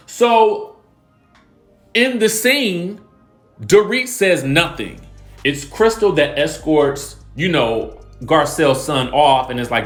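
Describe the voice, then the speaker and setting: Male gossip host, slightly high-pitched, animated and emphatic, light music bed. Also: unhurried. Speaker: celebrity gossip YouTuber. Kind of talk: reality TV recap commentary.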